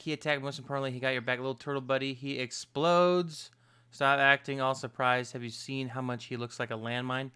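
A man giving casual let's-play commentary as host of a gaming channel, excitable, yelping and trash-talking the enemies on his screen. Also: medium pitch, smooth. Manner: excitable, yelps and trash-talks game enemies.

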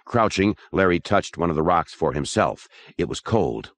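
Deep-voiced man narrating an audiobook. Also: expressive, normal speed, creaky, a bit bright, dry recording.

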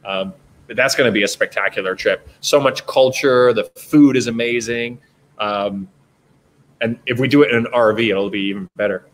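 A man's voice: medium pitch, steady tone, moderate pace. Chatty Canadian man hosting a live stream. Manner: rambling, many fillers and restarts. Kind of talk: casual live chat. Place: home in China.

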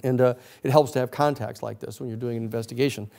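A man giving a class lecture as an animated storyteller, acting out the other people's lines in his anecdotes. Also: medium pitch, fast talker, creaky.

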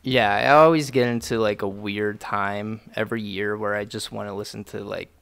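A young man hosts a casual podcast chat with a low, gravelly voice. His tone is smooth and clear, and the sound is dry and close. He talks loosely and jokes around with lots of fillers. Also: fairly even intonation, moderate pace, fairly bright tone, no room sound. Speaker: podcast host.

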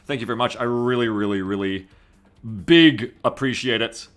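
A man's voice: mid-range voice, normal speed, faint music behind. A man streaming a game and casually thanking subscribers and donors by name. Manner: thanking donors warmly, reading names. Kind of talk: casual live-stream chat.

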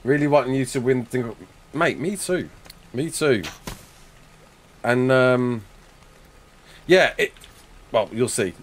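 Taking it slowly and pausing often, a young Englishman with a medium-pitched voice chats casually during a live game stream. He reads viewer comments out loud and answers each, speaking into a desk mic with a face cam.

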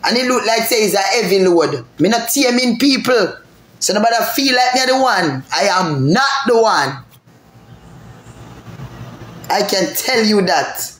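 Brief: high-voiced Jamaican man, furious, cursing at someone in an echoey room. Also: lively intonation, unhurried, long pauses, a bit bright. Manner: angry, cursing, confrontational. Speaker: live streamer. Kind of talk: heated argument on a livestream.

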